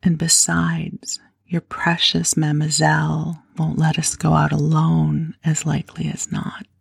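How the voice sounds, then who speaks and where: A woman's voice: sits low, monotone, measured pace, vocal fry, breathy edge, no room sound, clean studio sound, heavily acted. A woman whispering a contrary young boy who contradicts everyone, in whispered role-play. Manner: contradicting, sulky.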